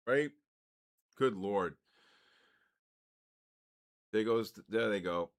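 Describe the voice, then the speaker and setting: An older man hosting a live trading stream, excitably calling out moves and muttering at the charts. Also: fairly low pitch, slow pace, long pauses. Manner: excitable, exclaims and mutters at the markets. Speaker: trading livestream host. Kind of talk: casual live trading commentary.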